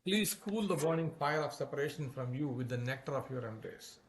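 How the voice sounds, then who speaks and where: A man voicing a charming young male divine lover who flatters and pleads in a raised, louder voice. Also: mid-range voice, brisk, slight background noise, natural voice. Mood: coaxing.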